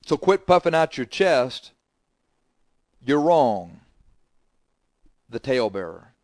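A man's voice: medium pitch, big pitch swings, slow pace, a little mellow, dry recording, studio quality. A man preaching a sermon, hammering the congregation with confrontational rhetorical questions.

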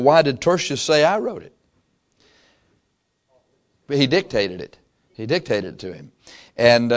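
A man, a pastor, teaching the Bible to his congregation in an easygoing, storytelling way, often asking them questions. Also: mid-range voice. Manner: conversational storytelling, asks the congregation questions, chuckles.

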